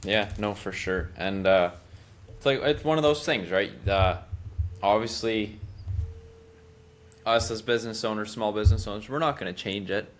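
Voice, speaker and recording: A man hosting a relaxed podcast speaks in a lowish voice. He backs up his guest with short affirmations, then shares his own view as a small business owner. His tone stays conversational throughout. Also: normal speed, pauses often. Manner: agreeable, frequent short affirmations.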